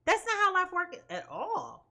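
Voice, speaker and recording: A woman's voice: very high voice, wildly swooping pitch, measured pace, pushed and bright. A woman reading tarot for her viewers in an emphatic way, often checking in with "okay?". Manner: emphatic, keeps asking "okay?". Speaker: tarot reader.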